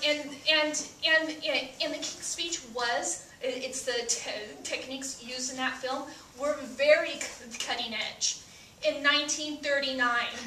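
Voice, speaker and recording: Stand-up comic, female, heavy stutter, slow delivery, captured from a distance in a reverberant room. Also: high-pitched, bright, forceful tone, a little hiss or hum. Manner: stutters with frequent repeated sounds. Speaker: stand-up comedian. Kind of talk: stand-up comedy set. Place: stage before a live audience.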